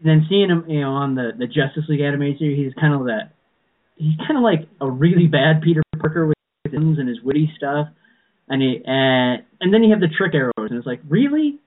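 A man's voice: on the high side, fairly quick. A man chatting casually as a podcast co-host, rambling with frequent restarts and fillers. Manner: rambling, many restarts and "you know"s. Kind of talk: casual fan chat. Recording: tinny phone-like sound.

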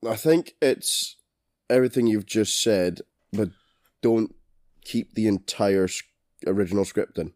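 A man's voice: on the low side, measured pace, darkish tone. A Scottish man co-hosting a film podcast, talking bluntly and swearing a lot in casual chat. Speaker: podcast co-host.

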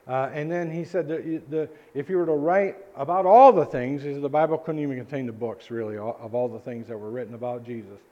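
A male pastor preaching a sermon in a church, earnest and halting, with frequent restarts. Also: medium pitch, muffled recording. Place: church sanctuary.

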